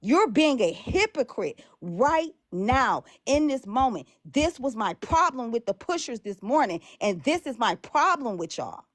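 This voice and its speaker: A woman's voice: on the high side, sing-song, a little slow, few pauses, dry recording. A woman hosting a live stream, upset and blunt, swearing freely and hammering the same points over and over. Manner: upset, blunt and profane, repeating her points. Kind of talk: heated live stream argument.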